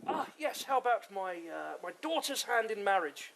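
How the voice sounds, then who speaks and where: A man's voice: high voice, big pitch swings, moderate pace, vocal fry, background noise, exaggerated voice. A man voicing a flustered town mayor who hesitates and fusses over his words. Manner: hesitant, fussing.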